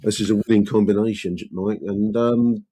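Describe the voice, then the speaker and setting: Mellow low-voiced bloke chatting football, laughs a lot, fillers everywhere. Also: male voice, fairly even intonation, moderate pace. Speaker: podcast co-host. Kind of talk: casual football chat.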